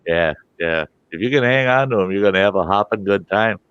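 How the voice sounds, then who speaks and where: An older man chats and tells rambling stories, breaking into laughter often. His voice sits low. The sound is dry and a bit muffled. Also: animated, fairly quick, a bit bright, clear, resonant tone, no echo. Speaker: host. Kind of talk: casual chat.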